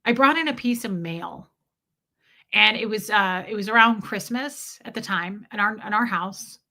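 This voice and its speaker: A woman's voice: medium pitch, normal speed, sharp tone. A woman hosting a livestream, telling personal stories bluntly and reading viewer comments aloud. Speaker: livestream host. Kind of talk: casual livestream storytelling.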